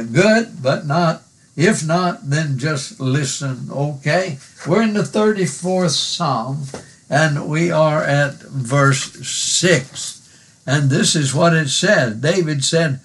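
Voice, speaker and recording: Slow, earnest preacher man. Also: a little high. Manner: slow, earnest, repeats words for emphasis. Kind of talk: sermon with prayer.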